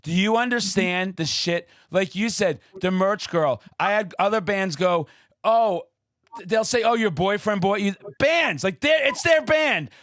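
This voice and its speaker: A man hosting a podcast interview, talking in a loud, profane, fired-up way with shouted bursts. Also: high voice, lively intonation, a little slow, no echo, clean studio sound. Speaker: podcast host. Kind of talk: casual interview chat.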